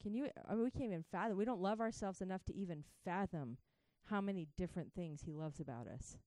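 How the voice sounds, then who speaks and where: A woman preaching a sermon, swinging from hushed to joyfully shouting and talking straight to her listeners. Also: on the low side, fast, no room sound. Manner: laughs between points, speaks to listeners as guys.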